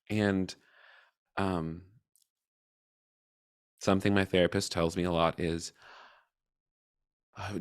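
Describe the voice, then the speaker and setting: A man candidly reflecting on his feelings in a personal talk, open and emotional, with casual swearing and halting restarts. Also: sits low, flat delivery, clear, resonant tone. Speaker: cohort facilitator.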